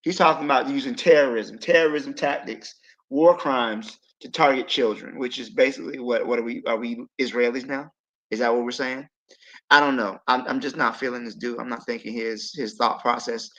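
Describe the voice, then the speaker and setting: A man hosting a livestream panel discussion, speaking emphatically with sudden swings between loud and quiet. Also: mid-range voice, steady tone, normal speed, dull audio. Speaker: podcast host.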